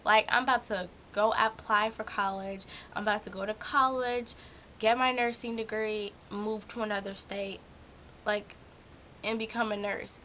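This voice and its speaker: A woman's voice: mid-range voice, steady tone, moderate pace, lo-fi sound, a little hiss or hum. A teenage girl vlogging at home, telling a story about her job in a chatty, emotional way with lots of "like". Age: teens. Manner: chatty, heavy use of "like", emotional venting. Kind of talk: casual vlog storytelling. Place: hot room at home.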